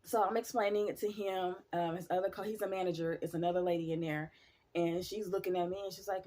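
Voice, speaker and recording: A woman with a lowish, husky voice tells a spooky story from her own life to her viewers. She talks in an animated, casual way, swearing freely and speaking straight to her audience. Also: fast talker. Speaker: storyteller vlogger.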